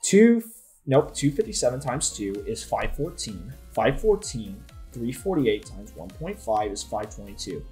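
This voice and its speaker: A man commentating his own competitive video game match, excitable, with frequent swearing and frustrated outbursts. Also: mid-range voice, unhurried, faint music behind. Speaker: gaming YouTuber.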